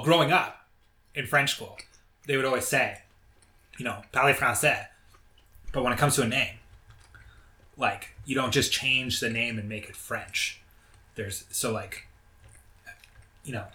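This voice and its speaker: A blunt, opinionated man chatting casually, swearing freely. His voice is bright and forceful. The room around him rings with echo. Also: mid-range voice. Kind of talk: casual chat.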